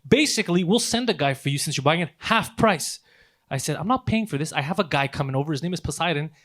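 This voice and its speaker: A man co-hosting a comedy podcast, telling a story in a casual, animated way with plenty of swearing. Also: a little high, fast. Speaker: podcast co-host.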